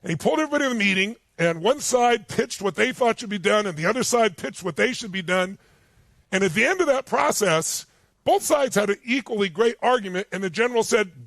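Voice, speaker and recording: A man delivers a motivational seminar speech, telling stories with emphatic, animated energy. His voice sits high for a man. The sound is dry and close. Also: fairly quick, dry recording. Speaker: motivational speaker. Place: stage before a live audience.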